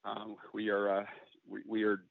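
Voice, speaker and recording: A middle-aged man, a country singer interviewed as a guest, speaking openly and earnestly in a halting, candid way. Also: lowish voice, monotone, vocal fry, dry recording. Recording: tinny phone-like line, dry.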